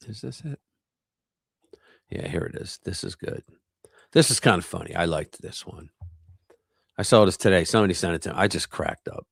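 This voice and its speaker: A man's voice: sits low, lively intonation, normal speed, vocal fry, pauses often, slightly rough, no room sound, studio quality. A man hosting a live stream, chatting offhandedly and muttering to himself as he looks for the next story. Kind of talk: casual live-stream commentary.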